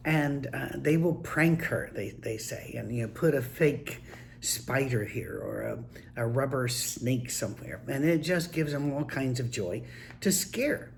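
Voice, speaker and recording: An older man, a grandfather, telling casual anecdotes in a relaxed, folksy, wry way. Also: medium pitch, measured pace, creaky. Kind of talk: casual storytelling monologue.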